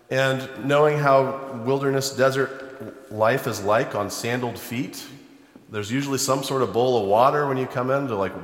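A man preaching a sermon, retelling a Bible story in a conversational storytelling way and turning animated when he acts out the people in it. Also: mid-range voice. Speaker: pastor. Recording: echoey hall, long reverb.

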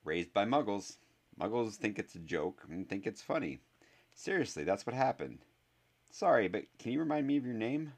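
An earnest boy of about eleven, intense and a little awkward, stumbling through words with halting ums, as a man reads him aloud in a storybook. The voice sits fairly low, only lightly lifted for the boy. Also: big pitch swings, darkish tone. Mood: brisk. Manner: hesitant apology, faltering with ums.

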